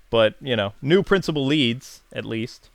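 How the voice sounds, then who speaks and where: Guy chatting excitedly to his viewers, lots of ums and restarts, smooth voice, dry room. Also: medium pitch, takes it slowly, no room sound. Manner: chatty and enthusiastic, with frequent fillers and self-corrections. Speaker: YouTube host. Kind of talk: casual commentary answering viewer chat questions.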